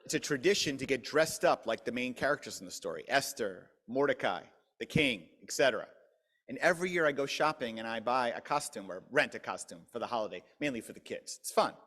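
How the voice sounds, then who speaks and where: A middle-aged man, a rabbi, telling a story as a guest speaker to a civic club in an animated, folksy way. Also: mid-range voice, a little fast. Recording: long hall reverb.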